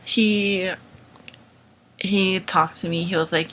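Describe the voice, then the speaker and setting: A woman's voice: fairly low pitch, steady tone, slow pace, fairly bright tone, low-quality recording. A young woman vlogging casually, chatty and full of "like" and "um" while she tells a personal story. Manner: chatty, lots of "like" and "um". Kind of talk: casual advice vlog storytelling.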